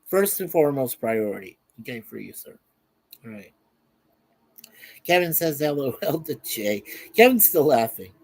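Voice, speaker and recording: A man over fifty hosting a casual live stream, reading viewers' comments aloud in a warm, rambling way and laughing easily. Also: mid-range voice, sing-song, normal speed, long pauses.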